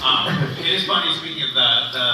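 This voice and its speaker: A man on a convention panel telling an animated story, mimicking other people's voices. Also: medium pitch, fast talker. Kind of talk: panel Q&A anecdote. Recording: echoey hall, distant mic, loud noise.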